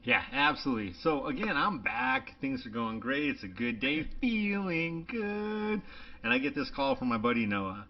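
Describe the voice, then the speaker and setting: Animated man telling a story. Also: mid-range voice, fairly quick, gravelly, hardly any pauses. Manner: animated storyteller, acts out dialogue. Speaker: podcast co-host. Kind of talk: casual chat. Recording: dull lo-fi podcast audio.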